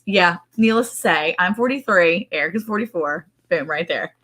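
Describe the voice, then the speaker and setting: Giggly woman in her forties, lowish voice. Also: normal speed, fairly bright tone. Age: 40s. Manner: giggly, chatty, greets viewers by name. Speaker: ranch livestream co-host. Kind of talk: casual live-stream chat.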